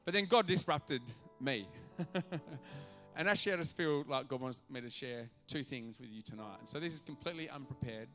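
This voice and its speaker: A male pastor preaching a sermon to a church congregation, animated and acting out the voices in his stories. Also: mid-range voice, brisk, soft background music. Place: church auditorium.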